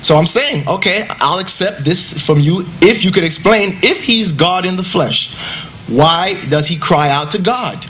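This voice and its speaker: Male debater with a high voice, emphatic and casual in delivery, rapid-fire rhetorical questions, faint hiss behind. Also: animated, fairly bright tone. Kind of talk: debate rebuttal.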